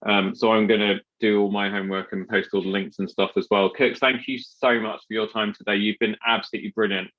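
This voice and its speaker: A man hosting a podcast in relaxed, rambling chat, often restarting his sentences. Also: lowish voice, a little fast, hardly any pauses, lo-fi sound. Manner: chatty, rambling with many restarts and fillers. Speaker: podcast host.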